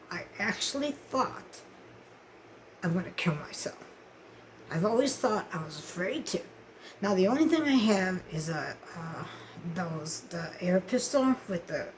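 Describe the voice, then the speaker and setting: A woman's voice: lowish voice, slight background noise. An older woman vlogging casually to camera, tearful and upset, telling a rambling story full of swearing.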